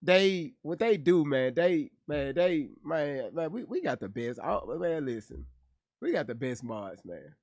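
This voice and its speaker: A man's voice: fairly high pitch, very animated, unhurried, darkish tone, dry recording. Blunt, profane male streamer. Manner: blunt, profane, thinks aloud with repeated words. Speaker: streamer reacting to clips. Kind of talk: live reaction commentary.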